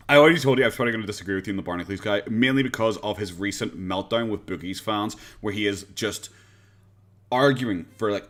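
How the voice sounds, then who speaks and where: A man's voice: fairly low pitch, a bit bright. Rambling Irish man on a livestream. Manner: rambling, chatty, laughs often, swears casually. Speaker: livestream host. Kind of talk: casual reaction stream chat. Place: home, pets nearby. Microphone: USB condenser desk mic.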